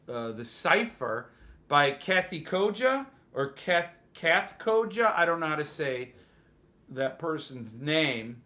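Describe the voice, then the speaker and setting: His voice is fairly high and sharp in tone. He hosts a book collecting show as a casual live stream, joking around playfully and reading comments from viewers.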